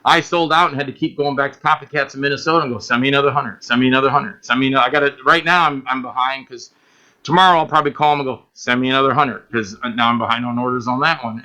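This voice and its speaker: A man chatting casually in an interview, telling animated stories about making films, acting out quotes and swearing freely. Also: medium pitch. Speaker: guest filmmaker.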